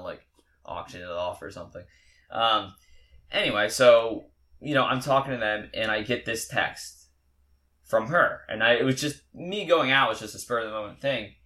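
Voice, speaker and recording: Young guy on a podcast, bright forceful voice, rambly and swears a lot, just talking openly. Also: mid-range voice. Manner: candid, rambling, heavy swearing. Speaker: podcast host. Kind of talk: casual podcast storytelling.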